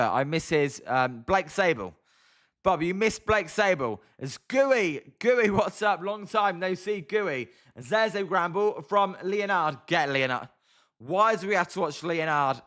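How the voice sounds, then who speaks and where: A man's voice: fairly high pitch, fairly bright tone. Chatty British man doing live commentary. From Britain. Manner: chatty, answers viewer chat messages. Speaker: livestream host. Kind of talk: casual live baseball watch-along commentary.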